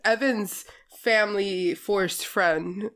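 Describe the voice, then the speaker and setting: A woman's voice: mid-range voice, slow pace, fairly bright tone. A young woman co-hosting a podcast in casual chat, rambling and emotional, laughing often. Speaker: podcast co-host.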